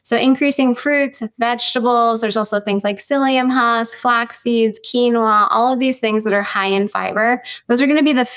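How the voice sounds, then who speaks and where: A woman naturopathic doctor on a podcast, explaining clearly and methodically, listing points step by step. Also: fairly high pitch, moderate pace, hardly any pauses, a bit bright.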